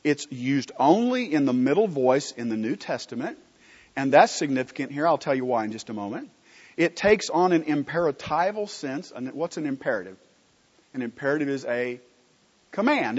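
A pastor preaching a sermon in a conversational teaching manner, asking the congregation rhetorical questions and swinging between emphatic and quiet phrases. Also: male voice, medium pitch, husky. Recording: dull lo-fi recording with long hall reverb.

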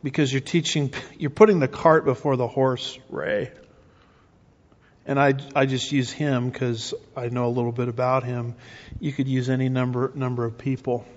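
A man's voice: medium pitch, little pitch movement, moderate pace. Middle-aged guy preaching hard, lots of rhetorical questions, long echo, kinda muffled. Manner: emphatic, rhetorical questions, frequent restarts. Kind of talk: sermon-style teaching. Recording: muffled recording with long reverb.

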